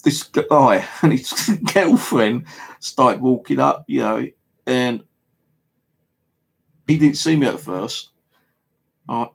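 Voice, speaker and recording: A man's voice: mid-range voice, slow, gravelly, pauses often, husky. A man with an English accent telling a rambling, casual story, heavy on fillers and swearing. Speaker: paranormal vlogger. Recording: home video monologue.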